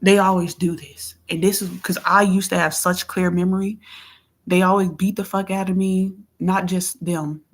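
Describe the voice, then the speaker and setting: A woman venting in a casual monologue into her phone, blunt and heavily profane, moving between heated outbursts and low murmurs. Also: flat delivery, moderate pace. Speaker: vlogger.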